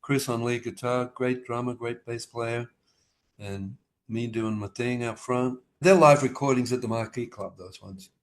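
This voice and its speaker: A man's voice: mid-range voice, unhurried. An older man, a musician guest telling rambling anecdotes in a casual video-call interview and acting out the dialogue. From Australia. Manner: rambling anecdotal, acts out dialogue with shifting voices.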